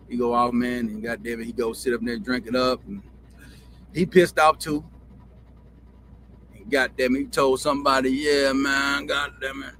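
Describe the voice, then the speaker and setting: A man's voice: medium pitch, fairly bright tone, a little hiss or hum. A man hosting a sports talk show, telling a story in a profane, repetitive, heated rant. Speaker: host. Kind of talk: ranting sports commentary.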